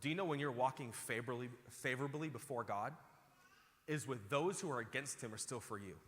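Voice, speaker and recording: A man's voice: mid-range voice, fairly quick, fairly bright tone. A man preaching a sermon as pastor, emphatic and repeating phrases as he calls out to the congregation. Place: large church auditorium. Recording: hall reverb from a large church.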